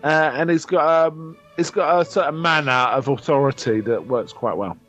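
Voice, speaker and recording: A man co-hosting a podcast in casual chat, with an animated, wry manner and many restarts. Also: a little high, moderate pace, faint music behind. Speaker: podcast co-host.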